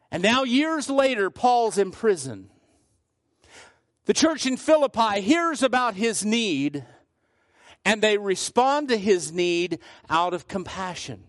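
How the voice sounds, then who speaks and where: A man preaching a sermon as a pastor, earnest, dropping his voice low for emphasis. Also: dry recording, studio quality. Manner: earnest, varies pitch widely, drops low for emphasis.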